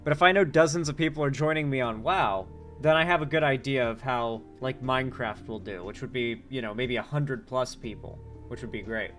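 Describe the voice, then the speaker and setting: A man's voice: mid-range voice, a little fast, hardly any pauses, fairly bright tone, soft background music. A man chatting casually on a live stream, rambling and joking with many fillers. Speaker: streamer, political commentator.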